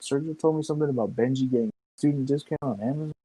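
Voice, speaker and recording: A young man co-hosts a casual podcast from a car. He talks in an easygoing way and often restarts or repeats his words. His voice is mid-pitched and recorded dry and close to the mic. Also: rapid-fire, warm tone, slightly rough, no room sound, low-quality recording. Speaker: podcast co-host. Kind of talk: casual chat. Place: inside a car.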